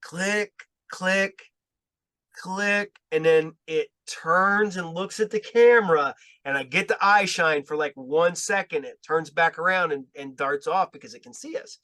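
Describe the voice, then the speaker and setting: A man's voice: a little high, moderate pace, hardly any pauses, dry recording. A man telling casual stories in a podcast chat, swearing freely and laughing as he retells them. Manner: profane, laughing, animated when retelling. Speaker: guest filmmaker.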